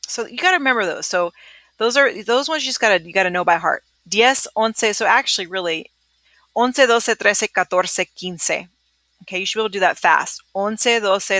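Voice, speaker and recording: A young adult woman recording a screencast pronunciation lesson as a Spanish teacher. She talks briskly and upbeat and keeps checking in with "okay?". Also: medium pitch, sharp tone, no echo. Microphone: computer mic, screencast.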